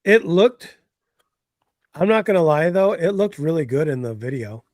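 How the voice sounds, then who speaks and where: A man co-hosting a live hobby stream, chatting casually and often trailing off quietly. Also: a little high, lively intonation, a little fast, dry recording, studio quality. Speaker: co-host of a hobby talk stream. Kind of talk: casual chat.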